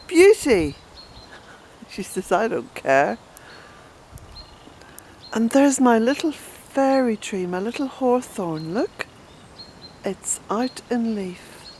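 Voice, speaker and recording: Slow, mellow Irish woman on a garden walk. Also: fairly high pitch, animated, a little hiss or hum, rough recording. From Ireland. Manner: unhurried, fond and chatty, with outbursts of indignation. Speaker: smallholder and author giving a garden tour. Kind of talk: casual walking garden tour. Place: outdoors in a rural garden.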